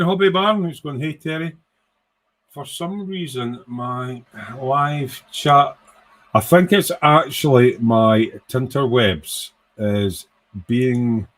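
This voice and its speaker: A man's voice: medium pitch, fairly bright tone. Cheeky man rambling on stream. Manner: rambling and cheeky, swears freely, reads viewer comments aloud. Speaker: live-stream host. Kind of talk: casual live-stream chat.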